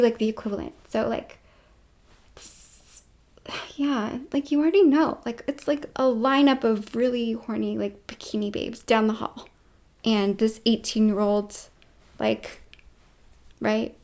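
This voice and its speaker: High-pitched woman rambling to camera. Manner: rambling, with many fillers and sudden swings between loud and hushed. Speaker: vlogger. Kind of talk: rambling casual monologue.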